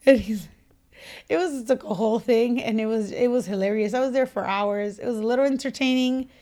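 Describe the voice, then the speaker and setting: Animated woman host, slightly high voice, casual anecdote-style delivery. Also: fairly quick. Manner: animated, laughing, acts out quotes. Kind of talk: casual storytelling chat.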